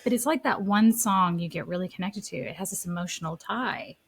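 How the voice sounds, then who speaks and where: A woman who works as a leadership coach, a guest on a podcast, talking casually in an animated way and often wandering onto tangents. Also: fairly low pitch, a little fast, gravelly, slightly rough. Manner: animated, laughing, tangent-prone. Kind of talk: casual conversational interview.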